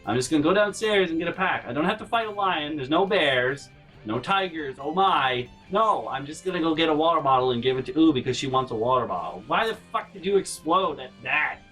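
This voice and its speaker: A man's voice: a little high, a little fast, distant mic, faint music behind, poor audio. A man telling a comedic story from his life, rambling and swearing freely. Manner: profane, rambling, animated. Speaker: channel host, storyteller.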